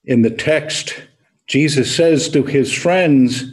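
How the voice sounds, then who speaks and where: A man preaching a sermon as an unhurried storyteller, pausing deliberately as he leads into his point. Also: a little high, husky. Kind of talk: sermon with a told joke.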